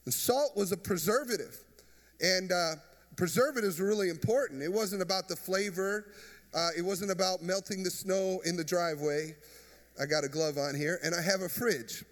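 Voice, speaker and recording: High-voiced pastor in a reverberant hall. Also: male voice, normal speed. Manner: conversational preaching with jokes and crowd questions. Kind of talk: sermon. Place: church.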